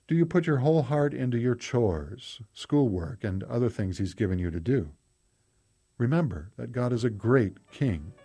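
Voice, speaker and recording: Low, mellow-voiced devotional reader. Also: male voice. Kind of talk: scripted devotional narration for children.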